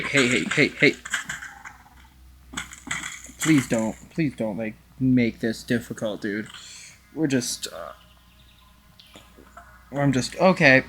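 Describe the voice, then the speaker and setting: A man's voice: medium pitch, noisy background. A young man giving rambling, casual commentary while playing a VR game, swearing and talking to the characters on a headset mic. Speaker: gaming YouTuber.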